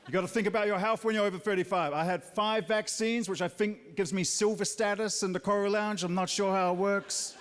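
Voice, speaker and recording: A man's voice: high-pitched, fairly even intonation, a little fast, hardly any pauses, in a large hall. A New Zealand man in his thirties doing a stand-up set on a theatre stage, punchy, with mocking asides. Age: 30s. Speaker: stand-up comedian.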